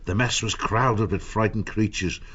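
A man reading an audiobook in a measured storytelling manner. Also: on the low side, fairly bright tone, husky, lo-fi sound. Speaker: narrator. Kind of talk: audiobook narration.

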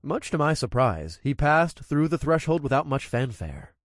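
A man narrates a first-person story, his voice rising and falling with lively expression. His language is crude and coarse. The recording is close and dry. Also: on the high side, moderate pace, dry recording.

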